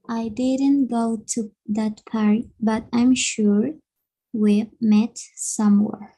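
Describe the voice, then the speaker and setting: A woman's voice: a little high, steady tone, slow, dark tone, poor audio. A woman whose first language is Spanish, practicing as a student in an English lesson, hesitant and repeating phrases.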